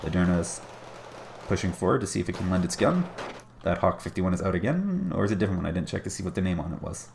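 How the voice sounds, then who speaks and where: A man's voice: deep voice, sing-song, fast, gravelly, a little mellow, slight background noise. A man casting a strategy game match with chatty, wry commentary and self-deprecating asides. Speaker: game caster.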